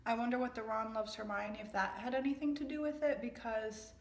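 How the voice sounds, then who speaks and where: A woman's voice: on the high side, fairly even intonation, fairly quick. A young woman reading a play aloud and breaking off into rambling, chatty comments full of fillers. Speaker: reader and commentator. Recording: echoey room.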